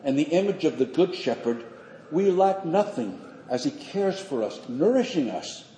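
An older man, a priest, preaching a sermon in measured, earnest phrases with slow emphatic pauses. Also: fairly high pitch, sing-song, mellow, a little hiss or hum. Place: church sanctuary. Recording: echoey church hall.

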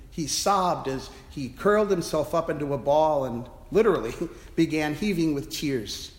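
A man's voice: on the high side, expressive, moderate pace, slight background noise. A man, a priest, giving a reflective, story-telling sermon from the pulpit of a church. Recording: echoey church with long reverb.

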